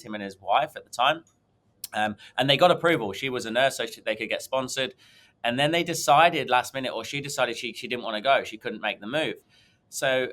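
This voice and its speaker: Bright-voiced man telling a story. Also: medium pitch. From England. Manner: rambling, many ums and restarts. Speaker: guest. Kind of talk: conversational storytelling.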